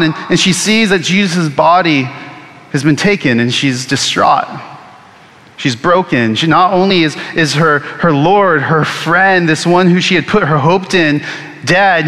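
A male pastor preaching a sermon, telling the story with acted-out quotes and sudden hushed passages. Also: a little high. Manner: storytelling, acts out quoted lines, drops to hushed tones. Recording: long hall reverb.

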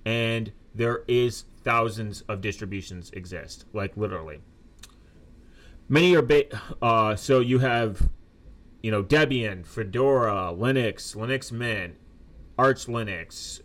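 A man's voice: medium pitch, fairly bright tone. A young man talking casually in a rambling way, reading facts aloud and stumbling through fillers and restarts. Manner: halting, loose, reads facts aloud with many fillers and restarts. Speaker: tech vlogger.

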